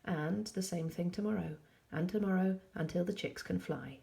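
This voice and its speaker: A woman reading aloud, voicing a serious young girl who gives firm, hushed instructions. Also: fairly low pitch, normal speed, creaky. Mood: earnest.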